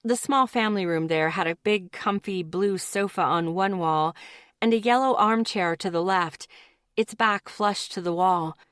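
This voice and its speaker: Audiobook narrator: woman, even and intimate delivery, dry studio sound. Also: medium pitch, a little slow, smooth, dry recording. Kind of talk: first-person audiobook narration.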